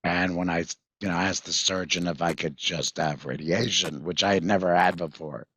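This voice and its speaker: A man with a deep, husky voice recounts his own experience as a guest, pausing often and circling back with fillers and restarts. The recording is dry and close, with no room sound around him. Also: fairly even intonation, sharp tone, dry recording. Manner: halting, many fillers and restarts. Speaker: guest, patient mentor. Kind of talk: recounting a personal story in conversation.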